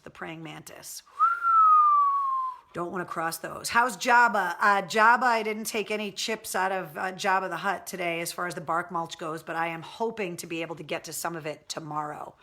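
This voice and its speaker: A woman's voice: fairly low pitch, sharp tone. A woman hosting a casual livestream, chatting candidly and swearing cheerfully as she answers viewer comments. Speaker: livestream host. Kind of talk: casual live chat reading viewer comments.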